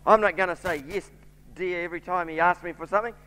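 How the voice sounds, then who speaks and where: A man's voice: sits high, fairly even intonation, fast, pushed and bright, clear, resonant tone. A man with a New Zealand accent preaching a sermon, telling a story and voicing its characters. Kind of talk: sermon with anecdote. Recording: church hall reverb.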